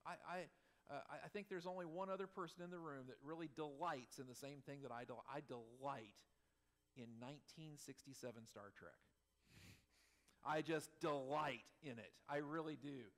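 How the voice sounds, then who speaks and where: A middle-aged man preaching a sermon as pastor, animated, swinging between loud emphasis and soft asides with chuckles. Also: a little high, moderate pace.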